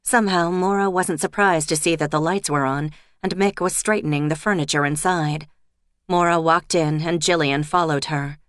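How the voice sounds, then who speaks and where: A woman narrating an audiobook in a steady, even reading voice. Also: deep voice, moderate pace, clear, resonant tone, no echo, clean studio sound. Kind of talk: scripted narration.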